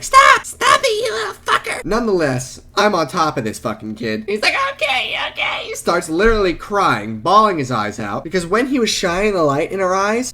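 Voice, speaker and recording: A man's voice: on the high side, fairly bright tone. A young man telling a rambling, profane story from his childhood in a casual vlog. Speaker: vlogger.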